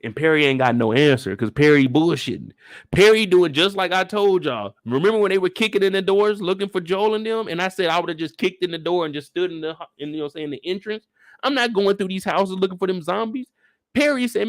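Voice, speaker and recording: A man's voice: high-pitched, fairly quick, dry recording. A man giving casual TV recap commentary, joking, slangy and full of swearing. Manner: animated, slangy, profane, joking. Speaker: TV recap reviewer.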